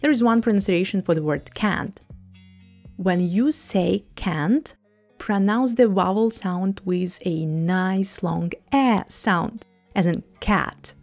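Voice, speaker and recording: A woman teaching English phrases and pronunciation, acting out little example dialogues and slowing down to model sounds. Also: medium pitch, faint music behind. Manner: lively, acts out example dialogues. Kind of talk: English lesson.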